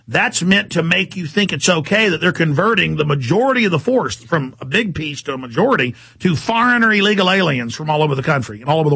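A man's voice: sits high, gravelly, sharp tone, breathy edge. A man hosting a talk radio show, ranting in an agitated way and mocking the people he quotes. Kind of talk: heated talk radio monologue.

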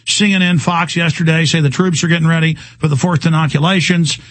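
A man's voice: on the high side, steady tone, fairly quick, dry recording. A male radio host delivering an agitated, ranting talk radio monologue, often stumbling over repeated words.

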